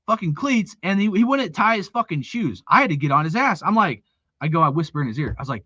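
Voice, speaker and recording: A man's voice: a little high, very animated, quick pace, pushed and bright, no room sound, dull audio. A middle-aged man ranting in a heated, profane monologue about youth football, peppering it with "dude" and "bro.". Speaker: youth football volunteer coach, show host.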